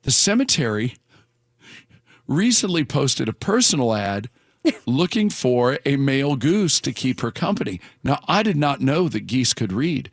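A man's voice: medium pitch, big pitch swings, measured pace, no room sound, clean studio sound. A man hosting a morning radio show, chatting casually and rambling with fillers and restarts. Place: radio studio.

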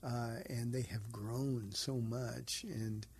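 A man, a pastor, hosting a radio call-in show and answering listeners' questions in a gentle, pastoral way. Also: medium pitch, fairly even intonation, slow, slightly rough. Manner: gentle, pastoral, takes calls.

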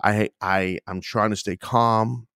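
A man's voice: fairly low pitch, steady tone, slow pace, fairly bright tone, smooth, no room sound, studio quality. A man hosting his own podcast, talking in a frustrated, agitated way, swearing and sighing often. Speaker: podcast host. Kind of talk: casual solo podcast rant.

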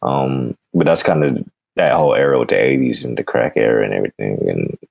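A man's voice: a bass voice, brisk, gravelly, breathy edge, dry recording, dull audio. A man talking as a podcast guest in casual chat, rambling and drifting into tangents.

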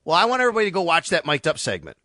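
A man talking sports on the radio in an animated, storytelling way, acting out quotes as he goes. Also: on the high side, rapid-fire, dry recording. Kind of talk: casual sports radio chat.

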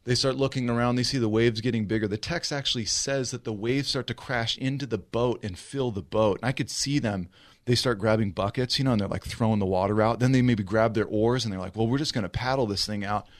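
A man preaching a sermon as a pastor. He tells the story vividly, acting out the scenes, and swings between rushed and slow delivery. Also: mid-range voice.

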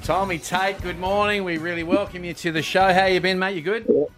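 A man's voice: high-pitched, fairly even intonation, brisk, loud music behind the voice. Matey man radio host. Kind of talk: casual radio chat.

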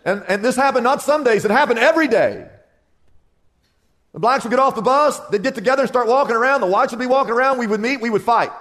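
High-voiced preacher man telling a story. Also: fast. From Kansas. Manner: vivid storytelling, dramatic drops to a hushed tone. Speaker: pastor. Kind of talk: preached sermon.

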